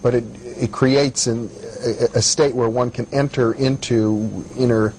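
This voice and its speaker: A man's voice: medium pitch, fairly even intonation, unhurried, a little mellow, slight background noise, rough recording. A man interviewing, asking reflective questions with frequent restarts. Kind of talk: conversational interview.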